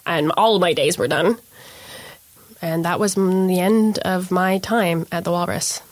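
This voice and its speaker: A young woman with a slightly low voice recounts her experience to an interviewer in earnest detail. She acts out the lines that others said as she tells it. The sound is dry and close, with no room around it. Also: measured pace, dry recording. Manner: earnest storytelling, acts out quoted dialogue. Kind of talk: personal account in an interview.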